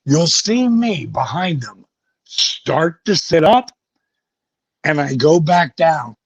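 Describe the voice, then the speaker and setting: Husky-voiced man telling animated stories. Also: a little high, takes it slowly, no echo. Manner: vivid, profane storytelling that acts out quoted voices. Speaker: guest, former pro wrestler. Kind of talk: animated storytelling interview. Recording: dull lo-fi recording.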